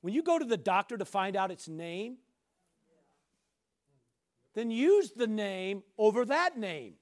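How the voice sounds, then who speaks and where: Brief: male pastor with a very high voice, preaching hard and building to shouts. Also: big pitch swings, unhurried. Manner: emphatic, rising to shouts, repeats rhetorical questions. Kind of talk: sermon.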